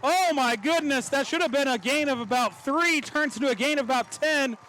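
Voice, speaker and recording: A man calling high school football play-by-play, excitable, with quick play calls, stumbles and laughs. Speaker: play-by-play announcer.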